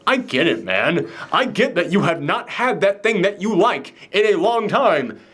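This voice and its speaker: A man's voice: sits high, sing-song, measured pace, fairly bright tone, breathy edge. Enthusiastic man rambling about a film. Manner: enthusiastic, rambling, many fillers and restarts. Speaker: film review show host. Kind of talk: casual movie reaction chat.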